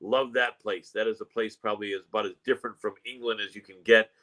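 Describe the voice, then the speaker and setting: Man, podcast host, low voice, casual chat, jokey, running through fight cards. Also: steady tone, fast, bright, forceful tone, low-quality recording.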